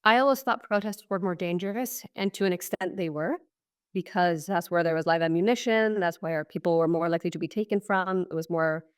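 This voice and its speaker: A woman in her thirties from Syria tells her story as a podcast guest. Her voice sits slightly low and comes across smooth and clean. She talks casually and reflectively, leaning on plenty of fillers. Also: a little fast. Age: 30s. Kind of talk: personal testimony in conversation.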